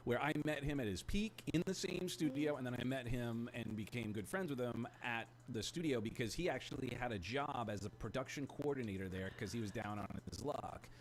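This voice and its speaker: A man being interviewed as a guest over a choppy remote call, telling stories in a relaxed, rambling way with fillers. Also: medium pitch, brisk, hardly any pauses, a little hiss or hum. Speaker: guest, music producer. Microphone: remote video call link, choppy.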